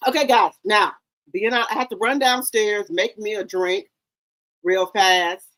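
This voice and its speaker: A woman's voice: medium pitch, steady tone, a little slow, fairly bright tone. A woman hosting a casual livestream, chatting straight to her viewers in the chat. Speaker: livestream host. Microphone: headset or desk microphone.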